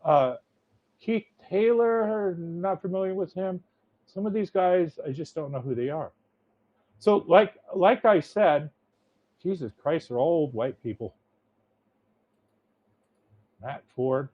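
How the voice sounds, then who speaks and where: A man's voice: a little high, lively intonation, slow pace, pauses often, no room sound, dull audio. Blunt, profane man ranting. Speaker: podcast host. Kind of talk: casual rant.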